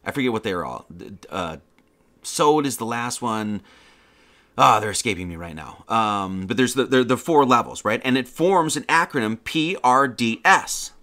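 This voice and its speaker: A man's voice: medium pitch, lively intonation, moderate pace, bright, forceful tone. A man hosting a livestream, giving a casual lecture in a mocking, slangy way. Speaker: livestream host.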